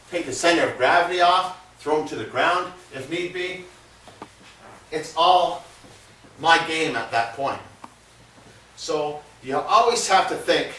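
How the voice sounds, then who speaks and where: Man, self-defense instructor, bright voice, plain teaching while demonstrating, very echoey room, mic at a distance. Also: fairly high pitch. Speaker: martial arts instructor.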